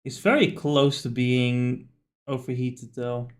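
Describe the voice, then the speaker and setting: A man's voice: mid-range voice, takes it slowly. A man streaming a video game, rambling through stories in casual chat, full of fillers and the odd curse. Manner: rambling, animated storyteller with frequent fillers and swearing.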